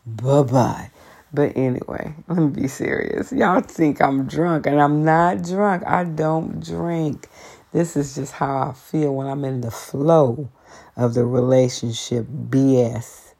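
A woman, telling a workplace story to her viewers in a chatty, sassy, sidetracked way, jumping high for emphasis. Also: unhurried, warm tone. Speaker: vlogger.

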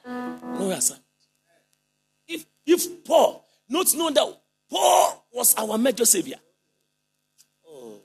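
A man preaching a sermon with fervor, leading the congregation in responses and breaking into shouted and sung phrases. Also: very high voice, huge pitch swings, takes it slowly, vocal fry, pauses often, slightly rough, soft background music.

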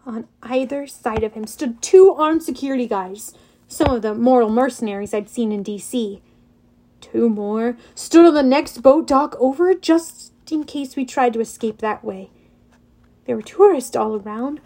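A woman narrating an audiobook in an expressive way. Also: a little high. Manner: expressive, voices characters.

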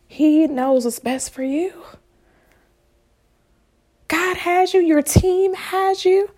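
Woman, casual motivational talk, frank, animated, profane, occasional whispers. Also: high-pitched, a little slow, pauses often. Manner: drops into hushed whispers. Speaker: vlogger and spiritual speaker.

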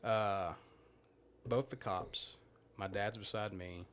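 Podcast guest, man, 30s; slightly low, cussing casual storyteller. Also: fairly even intonation, slow, a bit bright. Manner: profane, rambling storyteller.

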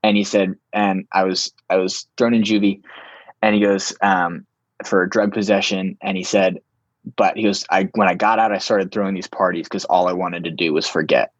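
A young man telling a story in a casual, animated way, full of "like" and restarts. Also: low voice, normal speed, dry recording, highs cut off. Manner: animated, filler-heavy, lots of "like".

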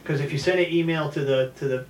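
A man's voice: fairly high pitch, fast talker. A martial arts instructor tells stories in a casual way and acts out the people in them. He sits a bit back from the mic, so his voice carries an echo off the room walls. A faint hum of ambience sits underneath. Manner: animated storyteller acting out quotes. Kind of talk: casual storytelling interview. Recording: echoey room, mic at a distance.

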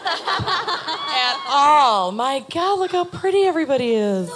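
Loud, laughing woman co-host on stage. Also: sits high, sing-song, slow. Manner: loud, laughing, joking and swearing. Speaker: podcast co-host. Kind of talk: live podcast banter on stage. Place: live show venue with audience. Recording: loud crowd noise from live audience.

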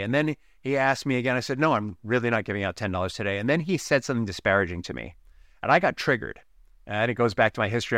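A man's voice: mid-range voice, a bit bright, clear, resonant tone, no room sound, clean studio sound. A man hosting a podcast as a relationship coach, talking in a conversational way and often checking in with the listener. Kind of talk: podcast monologue with personal stories.

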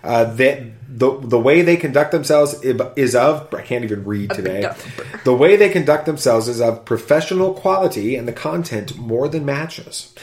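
Male podcast host, mid-pitched, animated reader of fan mail, echoey room. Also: moderate pace. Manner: animated, whoops and jokes while reading aloud. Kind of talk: casual chat, reading listener reviews.

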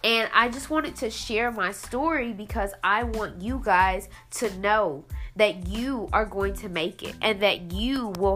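Slow, earnest woman sharing her faith story. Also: medium pitch, a bit bright. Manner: emotional, earnest, heavy use of "like". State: teary, sniffling. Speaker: podcast host. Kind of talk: faith-based personal testimony.

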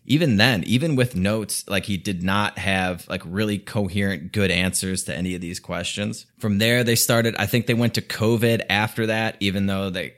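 A young man with a somewhat low voice hosts a podcast and talks through the news. His delivery is casual and opinionated, and he laughs often as he goes. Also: fairly bright tone. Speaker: podcast host. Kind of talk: casual political commentary.

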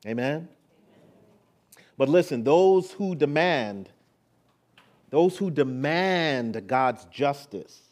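A male pastor preaching a sermon, moving between hushed, intimate lines and rising, emphatic ones. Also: medium pitch.

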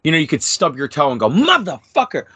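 Rapid-fire and mid-range with no echo, a thirtysomething guy from New Jersey, USA, rambles through stories as a podcast guest. He talks casually in an American accent, cursing heavily and doing lively impressions.

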